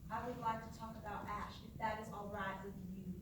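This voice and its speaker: A woman's voice: mid-range voice, steady tone, brisk, recorded from a distance, natural voice. A woman playing an eerie mother who is sweetly cheerful one moment and coldly morbid the next. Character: eerie doting mother of grown children, dwells on a dead son. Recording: echoey room, mic from afar, noisy.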